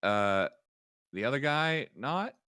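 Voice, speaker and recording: A man's voice: medium pitch, expressive, slow pace, bright, forceful tone, clean tone, no echo. A man narrating as dungeon master in a casual game, swearing freely and trailing off with fillers.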